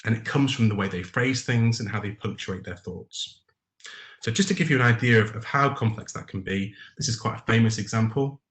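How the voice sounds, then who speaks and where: A man's voice: on the low side, fairly quick, a bit bright. Man presenting a live webinar in a roomy room. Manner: reads out chat answers by name, with frequent ums. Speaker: webinar trainer.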